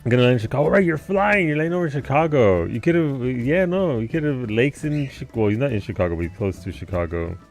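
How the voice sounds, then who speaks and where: A man's voice: mid-range voice, sing-song, fast talker, gravelly, hardly any pauses, soft background music. A man live-streaming who chats casually with his viewers, laid-back, greeting people by name and swearing now and then. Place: home basement.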